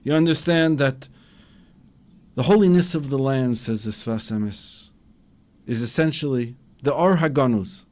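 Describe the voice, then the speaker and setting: A man's voice: mid-range voice, unhurried, a little mellow. A man, a rabbi, giving an impassioned Torah lecture and acting out dialogues with a rising voice.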